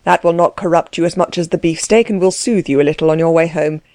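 Woman voicing an unruffled, ironic gentleman. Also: fairly low pitch, fairly even intonation, no room sound, close to an everyday voice. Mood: kind. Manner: measured, unruffled, dry irony. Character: calm, dryly ironic gentleman, kind underneath. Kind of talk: audiobook character reading.

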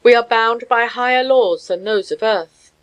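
A woman's voice: a little high, expressive, normal speed, lightly acted, poor audio. A woman voicing a tall, passionate Russian man who pleads and threatens with fervor in a storybook reading. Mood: solemn. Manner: pleading, fervent.

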